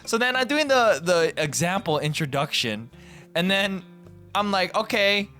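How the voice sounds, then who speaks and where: A young man hosting a podcast, telling stories in a casual, animated way and acting out what other people said. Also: sits high, measured pace, soft background music. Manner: animated, acts out voices in quotes. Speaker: podcast host. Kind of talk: casual storytelling.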